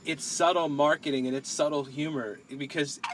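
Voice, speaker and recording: A man hosting a laid-back podcast conversation, his voice sitting a little high for a man. He rambles, restarts his sentences often and challenges his guest's points. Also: steady tone, moderate pace, a bit bright, a little hiss or hum, poor audio. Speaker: podcast host. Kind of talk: casual chat.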